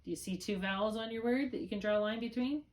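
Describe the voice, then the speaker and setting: A woman's voice: fairly high pitch, fast, a little mellow, far from the mic. A woman tutoring one student in spelling, patiently thinking aloud through each step. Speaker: reading tutor.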